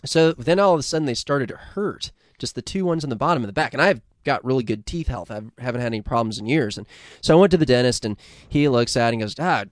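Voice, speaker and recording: A man from the United States hosts a podcast in loose, profane chat, rambling and laughing as he tells stories. His voice is smooth and resonant. The sound is dry and close. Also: mid-range voice, lively intonation, quick pace, no room sound. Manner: rambling, swearing, laughing, acting out bits. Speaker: podcast co-host. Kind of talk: casual crude chat.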